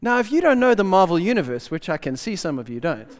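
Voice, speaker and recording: A man preaching a lively sermon in casual slang, swinging between loud bursts and hushed asides. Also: high voice, fast. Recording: long hall reverb.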